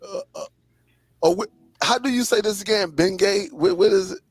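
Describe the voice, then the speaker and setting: A man hosting a live stream, telling stories in a lively, casual way, stretching words for emphasis. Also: high voice, gravelly, breathy edge. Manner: lively storyteller, drawn-out emphasis, frequent laughs. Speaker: host. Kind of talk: casual chat.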